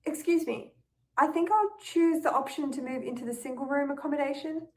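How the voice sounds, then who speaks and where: A woman's voice: high voice, brisk, recorded from a distance. A young woman reading her own first-person story as a tense, anxious inner monologue. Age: young adult.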